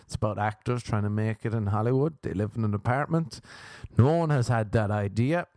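A man hosting a comedy podcast, rambling through a crude, self-mocking monologue full of quick put-on voices. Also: lowish voice, a little mellow, no room sound, studio quality.

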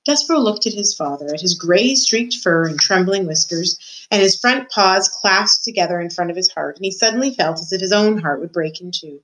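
A woman, a student reader, narrating a novel aloud in a steady, measured way. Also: lowish voice, low-quality recording.

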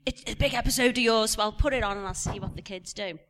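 A woman's voice: a little high, quick pace, a bit bright. A woman with an English accent chatting wryly on a stage panel, joking at her own expense. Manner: wry, self-mocking humour. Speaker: actress on a reunion panel. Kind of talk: live stage Q&A chat.

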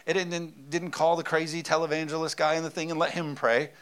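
A man's voice: fairly high pitch, flat delivery, fairly quick, hardly any pauses, a bit bright, clean tone. A man in his thirties, a pastor preaching a sermon with emphasis and often calling out for an amen.

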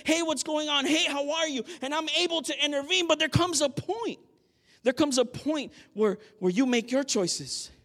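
A pastor with a strikingly high voice delivers a sermon in a loose, conversational way, restarting phrases and building to emphatic, repeated points. The sound carries the long reverb of a church hall. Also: male voice, fairly bright tone. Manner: conversational preaching with frequent restarts, rising to emphatic.

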